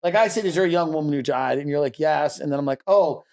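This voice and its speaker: A man co-hosting a casual chat, joking playfully and trading quick banter. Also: fairly high pitch, darkish tone.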